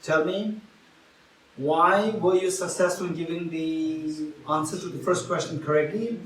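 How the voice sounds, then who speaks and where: A man teaches Buddhism at a measured pace, his fairly high, fairly bright voice holding a steady tone as he asks the audience questions and repeats key phrases. The distant recording carries the roomy sound of a retreat hall plus slight background noise.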